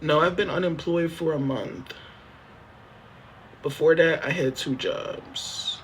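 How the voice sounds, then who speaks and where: A man's voice: fairly high pitch, slow pace, a little hiss or hum. A man chatting on a phone livestream from a motel room, rambling, repetitive and swearing freely as he talks straight to his viewers. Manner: talks straight to chat, half joking. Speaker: livestreamer asking viewers for help. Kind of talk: casual livestream chat.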